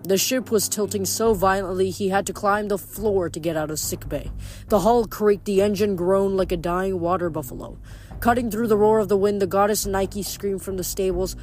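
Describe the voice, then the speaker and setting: Steady reader narrating a novel. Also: mid-range voice, moderate pace, faint music behind. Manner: steady, plain reading with small self-corrections. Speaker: narrator reading a novel aloud. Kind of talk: fan audiobook reading with recap.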